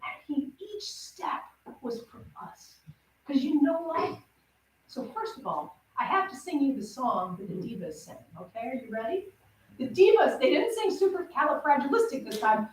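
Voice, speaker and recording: A woman teaching children in a playful, animated storytelling sermon in a temple hall, recorded in an echoey hall from far off. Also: high voice, moderate pace.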